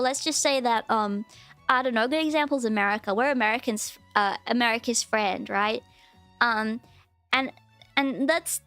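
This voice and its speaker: A woman's voice: a little high, a bit bright, dry recording. A woman with an Australian accent chatting casually to her livestream viewers in a rambling way that is full of restarts. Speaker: VTuber streamer.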